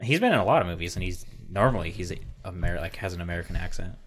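Brief: low-pitched male podcast co-host, loose profane rambling, quick laughs. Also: animated, crowd noise. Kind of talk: casual podcast chat.

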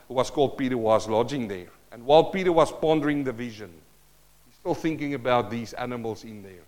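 A man preaching a sermon, reading scripture aloud with loud emphatic bursts and dropping to quiet asides, often thinking aloud and restarting. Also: mid-range voice, animated, normal speed. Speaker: pastor.

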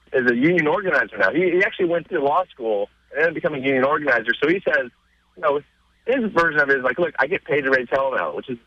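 A man being interviewed on radio, telling stories casually and getting excited, his voice jumping up in pitch as he retells scenes. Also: no room sound, highs cut off. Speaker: interview guest.

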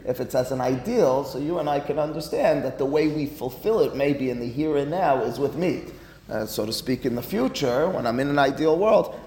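A man teaches a Talmud class with an emphatic, animated delivery, slipping Hebrew and Aramaic terms into his points. His voice sits at a middle pitch. A long reverb hangs after his words, as in a large hall. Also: slight background noise.

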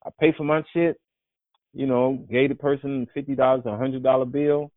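A man casually telling a long, profane, rambling story as a guest, often breaking into animated quoted voices. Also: normal speed, no echo. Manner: profane, rambling, jumps into high animated voices when quoting others. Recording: dry, tinny phone-like audio.

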